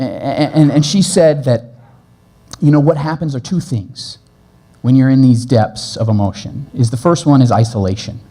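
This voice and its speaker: Earnest male pastor with a mellow voice. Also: mid-range voice. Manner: earnest, shifts between brisk and slow gentle delivery. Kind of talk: sermon. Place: church.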